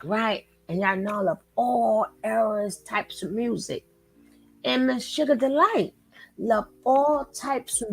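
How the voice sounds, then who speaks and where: A woman hosting a live stream, chatting casually and effusively with her viewers and shouting them out by name. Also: on the high side, creaky, rough recording. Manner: effusive, talks straight to chat, shouts out viewers. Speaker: livestream host.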